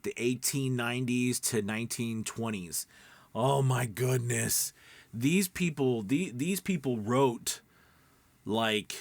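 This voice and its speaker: A man's voice: mid-range voice, fairly bright tone, dry recording. A man teaching voice acting in a casual, rambling spoken lesson full of fillers and restarts. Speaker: voice acting coach.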